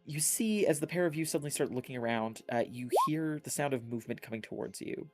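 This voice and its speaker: A man narrating as game master, unhurried and halting, with many fillers. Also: medium pitch, music in the background.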